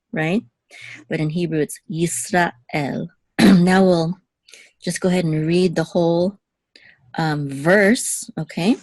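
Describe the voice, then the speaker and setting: A woman teaching a language lesson, patiently repeating words slowly to contrast pronunciations and often checking in with "okay?". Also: lowish voice, darkish tone, no echo. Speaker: Hebrew teacher.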